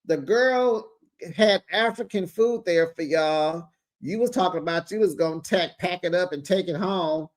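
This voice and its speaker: A host giving a casual recap of a reality show, chatty, with quick teasing asides, laughing often and acting out what people said. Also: medium pitch.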